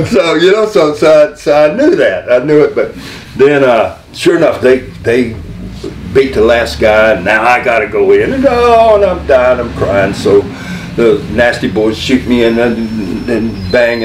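An older man spins a long, animated story in a roomy, echoing room. He rambles, repeats himself and laughs easily. A faint hum sits under his voice. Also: medium pitch, recorded from a distance. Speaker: interview guest, former wrestling manager. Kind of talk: storytelling in a career interview. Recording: roomy echo.

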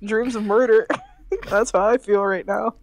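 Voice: mid-range voice, fairly even intonation, measured pace, slight background noise. A player casually reading card answers aloud to friends, giggling between them. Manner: reads cards aloud with giggles. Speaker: streamer playing cards. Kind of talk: casual chat over a card game.

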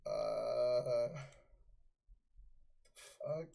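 A man streaming live play-by-play commentary, calling big plays loudly, then chatting casually with viewers and swearing freely. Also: medium pitch, drawn-out words, vocal fry.

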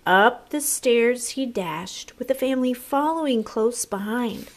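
A woman teacher reading a picture book aloud to children, slow and expressive, pausing for little asides to her listeners. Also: a little high.

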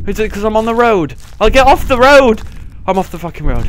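A man's voice: sits high, lively intonation, fairly quick. A young man playing a horror game, swearing constantly and breaking into panicky outbursts. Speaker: gaming channel host. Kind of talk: let's play commentary.

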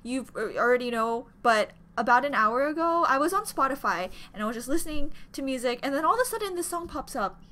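A woman hosting a casual reaction video, gushing excitedly with gasps and squeals. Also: high voice, fairly quick. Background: faint music from the video being watched.

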